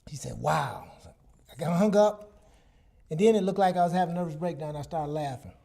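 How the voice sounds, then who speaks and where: Older guy in his 60s, fairly high voice, telling stories animated and loose, does the voices of people he quotes. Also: fast talker, slight background noise. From Southern US. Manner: animated, vernacular, acts out quoted dialogue. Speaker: guest psychologist. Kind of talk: personal storytelling on a talk show.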